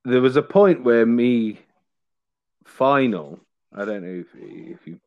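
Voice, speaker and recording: A man's voice: mid-range voice, animated, slow pace, creaky, no room sound, highs cut off. A man, a podcast guest, telling stories in casual chat with many fillers and restarts. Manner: rambling storytelling with many fillers.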